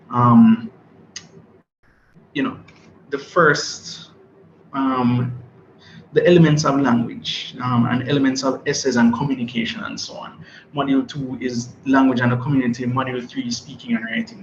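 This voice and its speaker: A man's voice: medium pitch, slight background noise. A man teaching an online exam review class, reading multiple-choice questions aloud and checking the chat for answers. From Jamaica. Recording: dull, echoey room audio.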